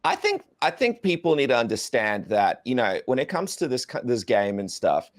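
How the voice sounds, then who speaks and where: A man's voice: mid-range voice, huge pitch swings, moderate pace. A man hosting a podcast in casual, jokey banter. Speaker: podcast host. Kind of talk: casual chat.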